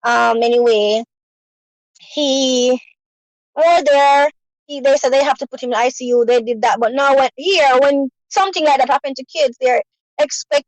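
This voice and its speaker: High-voiced woman telling her story. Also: no room sound, poor audio. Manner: earnest, repetitive, peppered with "you know". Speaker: guest sharing a personal story. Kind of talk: emotional personal storytelling.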